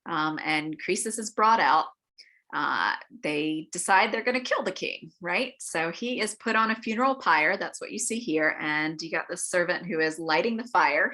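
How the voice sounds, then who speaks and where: A woman's voice: on the low side, animated, normal speed, bright, forceful tone. A woman leading an adult Bible study, telling a story in a chatty way with many fillers and acted-out quotes. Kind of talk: adult-forum Bible lesson. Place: church meeting room.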